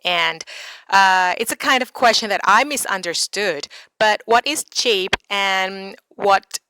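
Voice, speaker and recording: Bright, crisp woman teaching. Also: medium pitch, slow. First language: Thai. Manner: chatty, explains with repeated example words. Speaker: English teacher and vlogger. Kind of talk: casual English lesson vlog.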